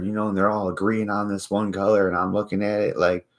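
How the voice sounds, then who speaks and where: A man with a low, deep voice rants loosely to his camera. He rambles, swears freely and mocks the people he talks about. The talk is loose and unscripted. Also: level tone, fast talker, a bit bright. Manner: rambling, profane and mocking. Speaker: vlogger. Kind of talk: casual profane rant.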